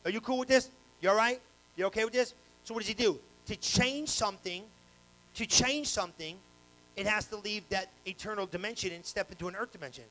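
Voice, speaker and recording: A male pastor preaching a live evening sermon in church on a handheld mic, animated and colloquial with call-and-response. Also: sits high, fairly quick, low-quality recording. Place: church sanctuary, live service. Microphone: handheld microphone.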